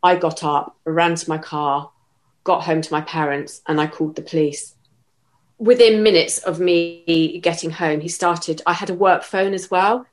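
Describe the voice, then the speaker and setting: Low-voiced woman recounting an ordeal. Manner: measured, halting retelling with restarts. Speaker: interviewee. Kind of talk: personal account in an interview.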